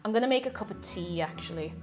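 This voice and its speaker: Lively woman baking on stream. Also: mid-range voice, fast talker, music in the background. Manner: chatty, reads chat aloud, bursts of excited whoops. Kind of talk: casual live-stream chat. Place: home kitchen.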